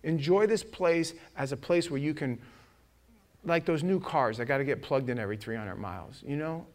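A middle-aged male pastor preaches with a fairly high voice. He tells animated stories, acts out the other voices, climbs to loud shouts, then drops to a low, earnest tone. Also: normal speed. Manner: animated storytelling, acting out voices, shouting at peaks. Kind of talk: sermon.

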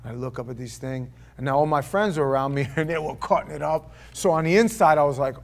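A man preaching a sermon to a congregation, telling stories and then reading scripture aloud, swinging between loud declaiming and hushed asides. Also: a little high, fast. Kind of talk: sermon with personal storytelling. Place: church before a live congregation.

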